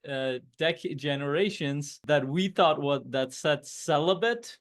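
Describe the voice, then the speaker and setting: An elderly head monk, mellow and grieving, speaks with an earnest, pleading urgency, as a man puts him on for a told story. The voice sits noticeably higher than a plain speaking voice and lingers over its words. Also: slow. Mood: distraught.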